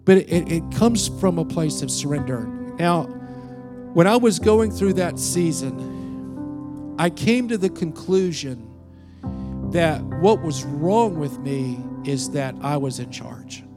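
Male pastor, slightly high voice, animated storytelling sermon, soft music behind. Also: takes it slowly. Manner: storytelling, acts out voices, swings loud and quiet.

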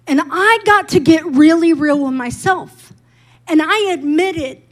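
Middle aged lady pastor, high pitched, slow and heartfelt preaching, gets emphatic. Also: rough recording. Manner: candid, personal testimony with emphatic build-ups. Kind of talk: sermon.

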